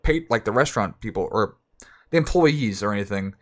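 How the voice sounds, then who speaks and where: A man's voice: fairly low pitch, animated, brisk. A young man streaming, telling a story in casual, rambling talk full of restarts, sometimes acting out other people in raised voices.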